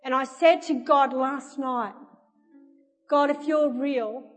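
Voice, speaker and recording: A woman's voice: high voice, fairly even intonation, slow pace. Woman doing a despairing tearful man. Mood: pleading. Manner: pleading and tearful. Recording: echoey hall with soft music.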